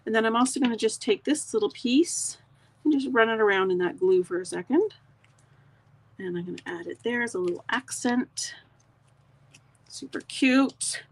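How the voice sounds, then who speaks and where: A woman's voice: on the high side, breathy edge. A middle-aged woman, chatting casually with live viewers as she demonstrates a craft project step by step. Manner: chatty, talks to live viewers while working.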